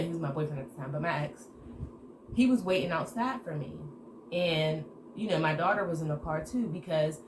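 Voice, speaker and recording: A woman telling a casual story to her viewers in an animated way, acting out the dialogue. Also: lowish voice. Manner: animated retelling with acted-out quoted dialogue. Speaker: storytime vlogger. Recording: echoey room with background noise.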